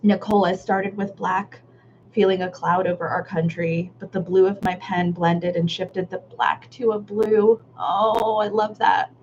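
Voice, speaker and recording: A woman guides a live online art workshop in a casual, affirming way, reading out comments, laughing easily and swearing now and then. Her voice sits at a middle pitch. The live-stream audio is a little dull, with a faint hiss behind it. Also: steady tone, measured pace. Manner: warm, affirming, casual with Southern "y'all"; laughs often, candid with occasional swearing. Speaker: workshop facilitator.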